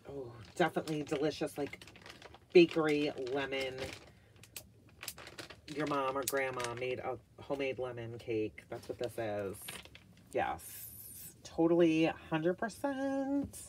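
Middle-aged woman, casual haul vlogger; slow, gushing delivery with lots of fillers and hushed asides. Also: very deep voice, fairly even intonation, a little hiss or hum. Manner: gushing, chatty, full of "like" fillers, drops to whispered asides. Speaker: vlogger reviewing wax melts.

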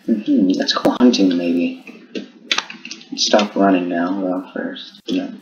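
A man hosting a gaming channel, chatting casually and rambling as he narrates his own play in a put-on deep voice. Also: slow, pauses often, a little mellow. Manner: rambling, chatty self-narration with little laughs. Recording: muffled recording with faint hiss.

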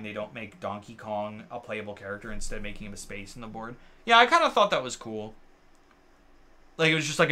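A man with a bright, forceful voice chats casually with friends while they play games. He rambles through plenty of fillers and swears freely when he gets worked up. His pitch sits in an ordinary middle range. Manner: rambling and filler-heavy, lots of uh and like. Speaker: co-host of a gaming channel.

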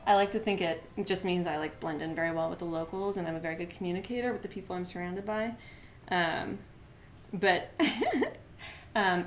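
Fast-talking chatty woman streamer. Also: lowish voice, fairly even intonation, a little hiss or hum. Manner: fast-talking with many filler words; counts aloud softly while working. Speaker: crafting live-streamer. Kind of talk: chatty live-stream talk while crafting. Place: at home, standing at a desk.

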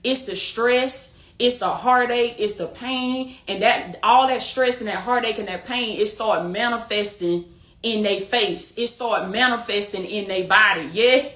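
This faith-based life coach rallies her livestream in a casual pep talk, her bright, mid-range voice unhurried against a roomy sound. Repetitive and preachy but warm-hearted, she laughs often. A phone or webcam serves as her microphone.

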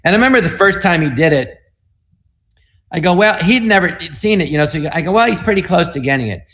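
Comedian, male, 60s, casual anecdotes with quick voices, voice sits a touch high. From United States. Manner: animated, slips into quick impressions and voices. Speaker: comedian guest on an online panel. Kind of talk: casual storytelling.

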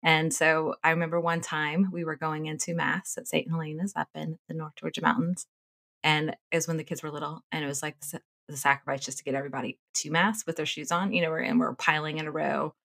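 Fast-talking low-voiced woman storyteller. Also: creaky. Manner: animated storyteller, laughs often. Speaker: podcast co-host. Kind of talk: casual chat.

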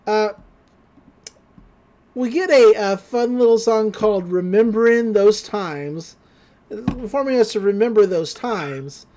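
A woman's voice: medium pitch, takes it slowly, mellow, slight background noise. A woman hosting a podcast, recapping a cartoon episode in a chatty, giggly way with lots of fillers. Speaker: podcast host.

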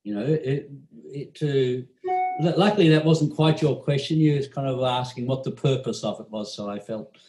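A man's voice: medium pitch, moderate pace, mellow, faint music behind. A man from Australia, a meditation teacher telling an anecdote in conversation, chuckling often and filling his talk with "you know". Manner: chuckling storyteller with frequent "you know" fillers. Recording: echoey room.

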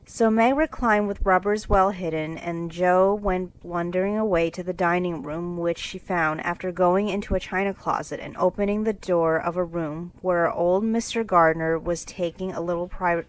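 A woman narrating a classic storybook in a steady, clear reading for English learners. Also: fairly low pitch, low-quality recording.

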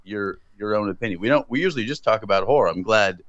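A man co-hosting a horror podcast in crude, joking banter, often laughing and cursing, and swinging loud and high when riled. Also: fast talker, noisy background. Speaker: podcast co-host. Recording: dull dry lo-fi sound.

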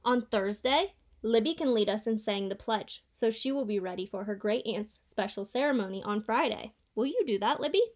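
A woman reading a children's picture book aloud, voicing a kind female schoolteacher who talks in a gentle, clear, encouraging way. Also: fairly high pitch, moderate pace, few pauses, lightly acted. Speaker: reader.

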